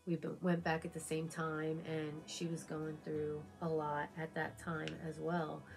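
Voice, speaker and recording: A woman's voice: low-pitched, monotone, measured pace, creaky, over music. A woman vlogger chatting casually while getting ready, telling an emotional personal story full of fillers and repeats. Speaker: beauty vlogger. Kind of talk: casual chat during a get-ready-with-me video.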